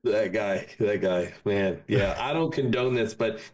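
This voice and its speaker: A man's voice: on the low side, a little slow, a little mellow. A man in his forties from Texas, a podcast guest in casual chat, an easygoing, jokey storyteller. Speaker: podcast guest, marketing consultant.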